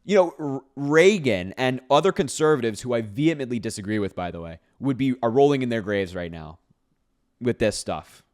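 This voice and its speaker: A man's voice: mid-range voice, animated, moderate pace, a little mellow. Sarcastic man doing video commentary. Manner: sarcastic, incredulous, reacting to posts; laughs between points. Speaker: political commentator.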